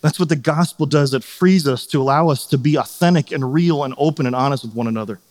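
A man's voice: medium pitch, fast, darkish tone. Man preaching conversationally in a reverberant hall. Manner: conversational, asks "right?" often, acts out quotes. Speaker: pastor. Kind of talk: sermon.

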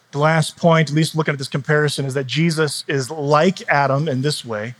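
Middle-aged male pastor, slightly high voice, chatty sermon delivery with restarts. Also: fairly even intonation, fairly quick, hardly any pauses. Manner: conversational preaching with frequent restarts and fillers.

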